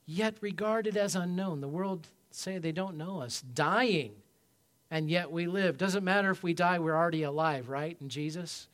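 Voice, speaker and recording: A man preaching a sermon as pastor, emphatic, swinging from loud peaks to quiet low passages and calling for amens. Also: moderate pace. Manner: asks the congregation for amens.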